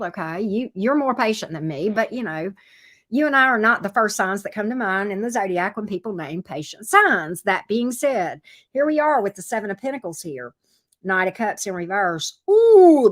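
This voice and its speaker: A woman's voice: mid-range voice, fairly bright tone. A woman giving a casual tarot reading, chatting straight to her viewers, teasing them playfully and repeating her phrases. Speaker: tarot reader.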